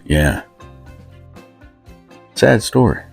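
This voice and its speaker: A deep-voiced man rambles through a comic monologue. He mocks himself, drifts off his point and talks about himself in the third person. Faint music plays behind him. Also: big pitch swings, very slow, gravelly, husky. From West Virginia. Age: 50s.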